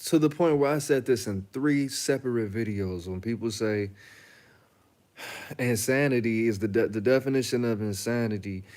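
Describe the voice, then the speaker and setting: A man's voice: mid-range voice, normal speed, a little mellow. A young man hosting a reaction channel, talking casually and bluntly to the camera, joking and telling stories in slang. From Chicago.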